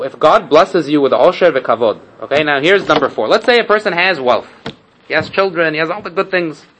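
The recording is low-quality with slight background noise, carrying a man's fairly high, fairly bright voice. He teaches a casual Torah class, telling stories with Hebrew terms and rhetorical asides and frequently restarting and repeating phrases.

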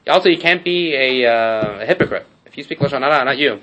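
A man's voice: medium pitch, expressive, quick pace, pushed and bright, slight background noise, rough recording. A man giving a casual Torah class, telling stories with rhetorical asides, Hebrew terms and frequent restarts. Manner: repeats and restarts phrases while storytelling. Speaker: Torah teacher.

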